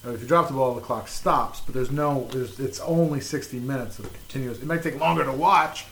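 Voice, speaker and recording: A man's voice: medium pitch, a little fast, fairly bright tone, reverberant, slight background noise, rough recording. A man co-hosting a casual podcast, goofing around and joking, often tacking "man" onto the end of a line. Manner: joking, goofy, ends lines with "man". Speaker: podcast co-host.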